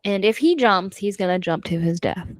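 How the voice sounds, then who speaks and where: A woman's voice: mid-range voice, lively intonation, moderate pace, no room sound. A young woman co-hosting a book club podcast, casually retelling a novel's plot and acting out the characters' lines, swearing freely. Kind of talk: casual chat recapping a novel.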